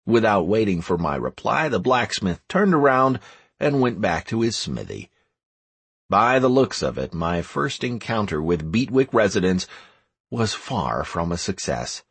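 A man reads a fantasy story aloud in the first person with wry, expressive timing. His voice is husky and low, and it swings widely in pitch. The sound is dry and close to the mic. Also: a little slow, no echo. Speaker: audiobook narrator.

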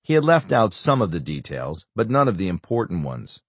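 A male audiobook narrator reads in a steady, even storytelling style with a very deep voice. The recording is dry and close, with no room sound. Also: normal speed, breathy edge, no room sound. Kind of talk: scripted narration.

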